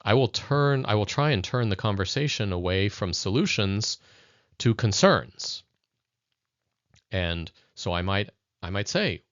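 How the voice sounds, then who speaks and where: Low-voiced male educator, reflective and direct with viewers, on a dull, dry lo-fi recording. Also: expressive, normal speed, a bit bright, no room sound. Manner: thoughtful, addresses viewers directly. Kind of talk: conversational video lesson.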